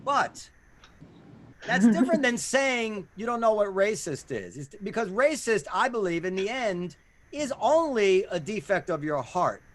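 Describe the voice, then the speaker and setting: High-voiced man hosting a panel chat. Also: very animated, fairly bright tone. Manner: earnest, explains at length with halting restarts. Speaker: club owner and podcast host.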